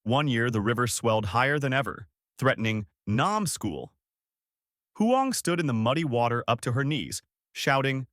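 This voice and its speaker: A man narrating a story in a measured, solemn way. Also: medium pitch, lively intonation, fairly bright tone, no echo, studio quality.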